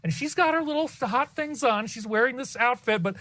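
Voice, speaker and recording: A man's voice: extremely high pitch, animated, brisk, bright, forceful tone, dry recording. A man speaking in a monologue from a played video clip, in an assured, matter-of-fact way. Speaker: online speaker.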